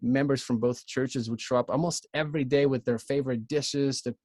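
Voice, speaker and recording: A man in his thirties from Ukraine with a Ukrainian accent, a podcast guest telling his story in an earnest, halting way with many restarts. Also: medium pitch, steady tone, a little mellow, dry recording, clean studio sound. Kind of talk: casual storytelling.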